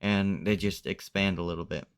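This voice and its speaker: Low, smooth-voiced man narrating casually. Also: steady tone, normal speed. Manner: loose, conversational, uses "like" a lot. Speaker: commentator. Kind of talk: casual narration of a map simulation.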